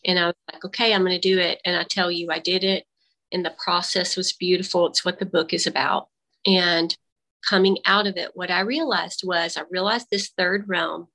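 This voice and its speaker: Bright-voiced woman telling a faith story. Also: fairly low pitch, normal speed, poor audio. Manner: animated storytelling, acting out dialogue with restarts. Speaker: guest. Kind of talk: faith testimony in casual conversation. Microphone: AirPods.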